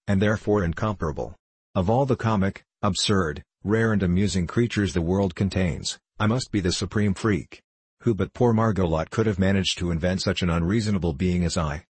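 A boastful, merry rag-doll girl full of sing-song rhymes bounces through her lines, as a man puts her on. Beneath the put-on brightness sits a husky grain, and the storybook reading is close and dry. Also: low-pitched, moderate pace, no room sound. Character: cheerful female patchwork rag doll.

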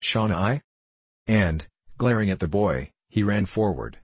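A man reading a novel aloud as an audiobook narrator, in a steady, measured way. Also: on the low side, breathy edge, dry recording.

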